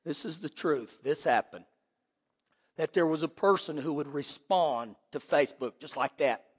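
A man preaching a sermon as pastor, telling lively stories and acting out quoted voices. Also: a little high, normal speed, breathy edge, big-room sound. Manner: animated storytelling with quoted voices. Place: church sanctuary.

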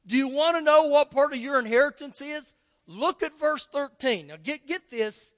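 Older texan pastor preaching, real high voice, big echoey church hall. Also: male voice, animated, moderate pace, fairly bright tone. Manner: emphatic preaching, repeats phrases for stress. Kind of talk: sermon. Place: church sanctuary. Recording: long church hall reverb.

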